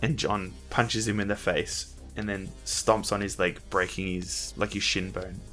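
Game master with a deep voice, steady and vivid narrator, casual delivery. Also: male voice, unhurried, soft background music.

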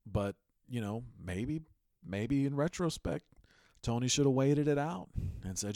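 A man's voice: medium pitch, measured pace, dry recording, studio quality. A man hosting a sports podcast, giving casual, emphatic commentary and telling stories with energy. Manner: animated, emphatic storytelling. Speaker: podcast host.

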